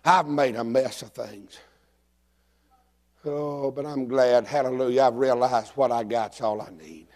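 A middle-aged man preaching a folksy, joking sermon in a church, breaking into shouts. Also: mid-range voice, steady tone, measured pace. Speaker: pastor. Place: church sanctuary.

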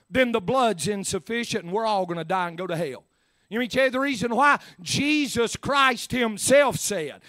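A man preaching a sermon, swinging from quiet talk to shouting, with many "uh" fillers. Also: very high-pitched, no echo.

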